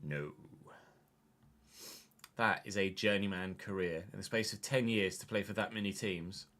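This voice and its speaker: A man streaming a football video game, giving an excitable, sweary running commentary on the play. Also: deep voice, unhurried. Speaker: gaming streamer. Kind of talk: live gameplay commentary.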